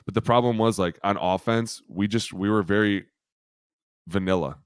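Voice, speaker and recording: A former lineman in his thirties tells his story on a podcast, his low voice rich and clean. He swears casually and rambles from one detail to the next, close to a dry studio mic. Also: normal speed, clear, resonant tone, no room sound. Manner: profane, blunt, rambling anecdotes.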